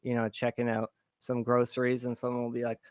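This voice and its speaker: A man's voice: mid-range voice, completely flat delivery, a little fast, a little mellow, smooth, dry recording. A young man co-hosting a casual comedy podcast, joking and laughing often and slipping into silly voices. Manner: jokey, laughs often, breaks into goofy put-on voices. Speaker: podcast co-host. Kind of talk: casual chat.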